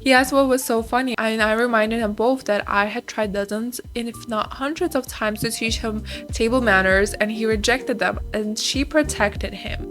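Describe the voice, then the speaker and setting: Woman reaction host, chatty and giggly, slightly high voice, faint music bed. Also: fairly bright tone. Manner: chatty, laughs often. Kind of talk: casual reaction and reading aloud.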